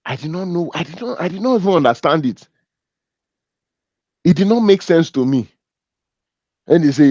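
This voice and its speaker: A man with a Nigerian accent giving a humorous, animated business talk, joking and teasing as he tells stories. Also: fairly high pitch, moderate pace, pauses often, no echo, highs cut off. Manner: animated and joking, laughs at his own stories. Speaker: business speaker.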